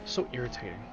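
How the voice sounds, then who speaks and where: A man's voice: mid-range voice, dull audio, very noisy. Man chatting on stream with a sore throat. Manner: rambling, casual, swears freely. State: sore throat, speaking carefully. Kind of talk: casual live-stream chat while gaming.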